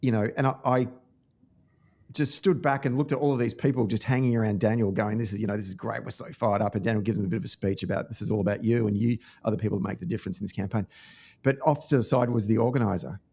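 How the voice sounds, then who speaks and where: Earnest Australian man, lowish voice. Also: steady tone, fast, darkish tone. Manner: earnest storytelling, with frequent fillers and restarts. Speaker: podcast host. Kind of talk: casual podcast conversation.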